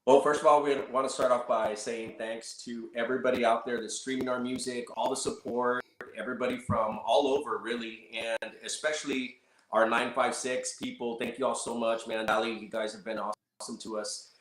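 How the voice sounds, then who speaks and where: A male musician guest gives thanks and shout-outs in a casual interview. His voice sits at an ordinary middle pitch, and the room adds a clear echo. He speaks gratefully, repeating words and ending phrases with "man.". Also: flat delivery, fairly quick.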